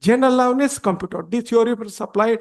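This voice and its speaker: A man arguing a case before a judge, halting and deferential, with many restarts and repeated "my lords.". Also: very high voice. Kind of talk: courtroom argument.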